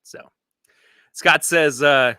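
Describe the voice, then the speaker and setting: Bright, dry-sounding man hosting a stream. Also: on the high side, extremely slow, clear, resonant tone, dry recording. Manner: rambling, restarts sentences, reads viewer comments aloud. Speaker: podcast host. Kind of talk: casual live-stream chat. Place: home studio with a bar.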